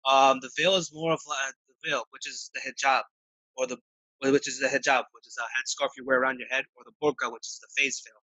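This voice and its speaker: Guy answering interview questions, bright voice kinda high, stops and restarts a lot, dry close sound. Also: flat delivery, no echo, poor audio. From United States. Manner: halting, many restarts and fillers. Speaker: interview guest.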